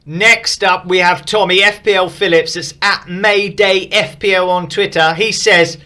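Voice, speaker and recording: A man's voice: high voice, steady tone, measured pace, bright, forceful tone. A man casually reviewing and rating viewers' fantasy football teams, frank and opinionated but upbeat. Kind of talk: casual commentary.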